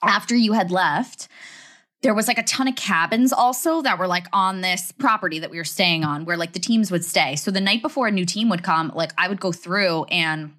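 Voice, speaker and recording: A woman telling a story in a casual chat, animated and full of "like" fillers. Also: on the low side, normal speed. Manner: animated, lots of "like" fillers, acts out quotes.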